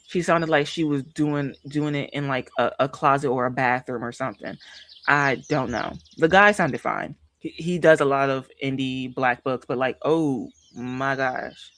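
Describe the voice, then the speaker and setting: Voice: mid-range voice, measured pace, slight background noise. A book streamer chatting casually on a livestream, emphatic and repeating phrases for effect while talking straight to viewers. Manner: chatty and animated, addresses viewers directly.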